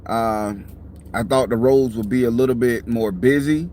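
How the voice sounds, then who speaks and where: Sitting in a parked car, this tarot reader and channel host, a middle-aged man, chats bluntly to camera, yawning, worn out and cursing freely. His voice is medium-pitched and darkish, at a normal pace. Recorded on a clip-on mic, there's slight hiss or hum.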